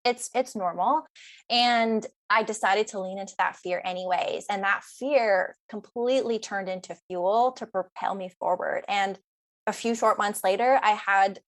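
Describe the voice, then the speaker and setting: A woman's voice: medium pitch, fairly even intonation, normal speed. A young adult woman, a guest coach on a podcast, telling her story in an earnest, flowing way. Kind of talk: podcast interview.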